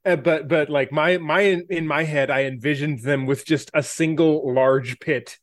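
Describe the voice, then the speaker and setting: A man's voice: fairly high pitch, steady tone, a little slow, no room sound, studio quality. A man co-hosting a podcast, telling rambling stories in casual chat, stumbling over his words and laughing often. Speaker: podcast co-host.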